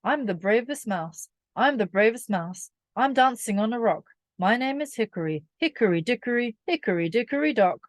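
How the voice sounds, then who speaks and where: Brief: cocky young male mouse , put on by a woman reader, loud and scornful, lively pitch, storybook. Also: moderate pace, few pauses, no room sound, natural voice. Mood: sing-song.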